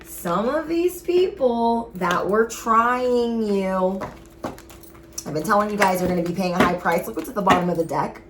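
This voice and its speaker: A woman's voice: lowish voice, a little hiss or hum. A woman giving a casual tarot reading, speaking straight to her viewers in an emphatic, sassy way. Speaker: tarot reader.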